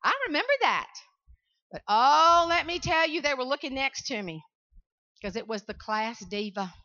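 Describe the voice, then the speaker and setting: Bright, high Southern woman storyteller. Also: normal speed, highs cut off. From South Carolina, US. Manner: animated storytelling, calls out to the audience. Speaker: motivational speaker. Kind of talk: motivational speech to students.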